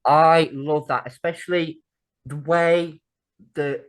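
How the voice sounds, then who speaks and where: A woman's voice: sits low, steady tone, slow pace. A woman co-hosting a podcast, chatty and sweary in casual talk. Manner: chatty and sweary, laughs often. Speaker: podcast co-host. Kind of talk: casual chat.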